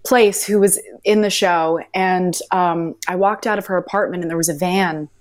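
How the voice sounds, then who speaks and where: A woman in her thirties with a slightly low voice tells audition stories in a relaxed interview. She talks in a chatty, meandering way, often restarting her sentences. Her laughter slips into the telling. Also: normal speed. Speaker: actress guest. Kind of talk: casual interview anecdotes.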